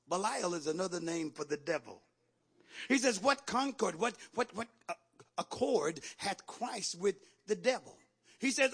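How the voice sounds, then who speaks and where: A man preaching at a church service with a very high, gravelly voice and a bright, forceful edge. He calls out to the congregation and swings between hushed asides and fervent shouts. The voice is husky throughout. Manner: call-and-response preaching, rising to shouts. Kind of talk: sermon.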